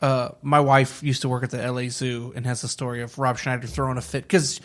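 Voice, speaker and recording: A man's voice: mid-range voice, little pitch movement, brisk. A man joining a casual comedy podcast chat, making dry, ironic jokes.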